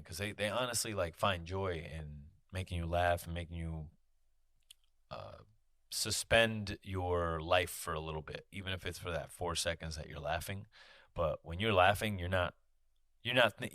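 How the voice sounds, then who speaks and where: A man's voice: sits low, normal speed, a bit bright, no echo, studio quality. A man hosting his own podcast, talking in a candid casual monologue, swearing freely and peppering his talk with "you know". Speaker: podcast host. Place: podcast studio.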